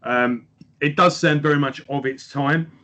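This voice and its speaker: A man with a bright, forceful voice co-hosts a relaxed music podcast. He tells stories with lively energy and drops swear words freely. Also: fairly high pitch, measured pace. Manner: animated storyteller who swears freely. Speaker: podcast co-host. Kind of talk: casual chat about music.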